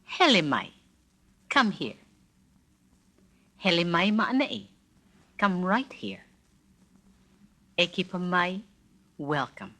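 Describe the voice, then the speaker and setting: Woman w teaching phrases on an old lesson record, slow and careful, repeats everything, bright lowish voice. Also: sing-song. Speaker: language teacher narrating a record. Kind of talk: scripted spoken-word lesson.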